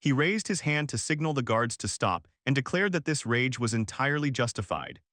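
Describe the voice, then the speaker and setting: A man narrating a manga story recap in a steady, even storytelling delivery. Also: medium pitch, fairly quick, no echo, clean studio sound.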